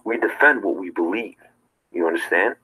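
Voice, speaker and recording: A man's voice: sits low, expressive, normal speed, pushed and bright, poor audio. A man in a played video clip, giving a preachy monologue about standing up and fighting back. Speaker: video personality being watched.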